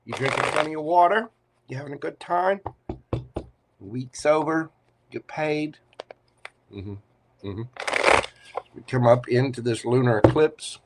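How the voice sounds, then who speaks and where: A man's voice: mid-range voice, unhurried, pauses often, heavy background noise. Chatty playful man reading tarot. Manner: chatty, playful, teasing asides. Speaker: tarot reader. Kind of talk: live tarot reading stream.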